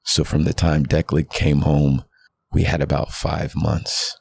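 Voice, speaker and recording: A pastor in his thirties speaks with an exceptionally deep voice that has a heavy fry. The tone is husky and rough around the edges. He tells his story earnestly and from the heart, on a podcast mic. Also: level tone, unhurried, a little mellow. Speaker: guest pastor. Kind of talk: candid personal testimony.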